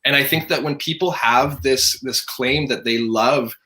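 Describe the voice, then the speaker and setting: A man's voice: medium pitch, sharp tone. A young man talking earnestly as an interview guest, emphatic, with frequent restarts. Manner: earnest, emphatic, talks in quick bursts with restarts. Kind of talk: casual conversation.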